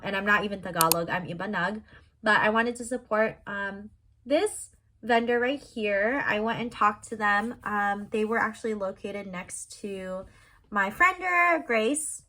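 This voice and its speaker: Bright, chatty young woman vlogger. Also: on the high side. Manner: chatty and upbeat, many fillers. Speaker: vlogger and crochet seller. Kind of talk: casual vlog chat.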